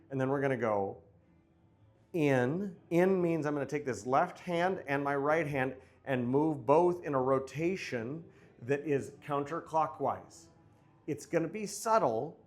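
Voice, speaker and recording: A man teaching a dance class with a microphone on, chatty and joking as he counts out the steps. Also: mid-range voice. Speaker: dance instructor. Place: dance studio. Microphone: wearing a microphone.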